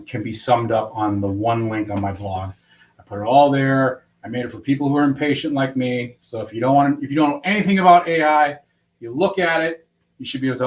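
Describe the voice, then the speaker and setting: A man's voice: mid-range voice, low-quality recording. A man appearing as a guest on a livestream, talking loosely and rambling with many fillers. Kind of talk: casual livestream chat.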